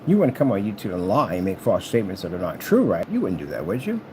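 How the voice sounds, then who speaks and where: A man's voice: on the low side, big pitch swings, fast talker, background noise. A man delivering a rambling, taunting monologue at a rival, repeating stock phrases and humming to himself as he works through paperwork indoors. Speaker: YouTuber addressing a rival.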